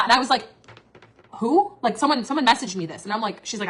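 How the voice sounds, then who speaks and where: A woman, a former network marketing leader, ranting casually and with lots of profanity, jumping between loud outbursts and low asides. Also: fast. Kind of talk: casual livestream rant.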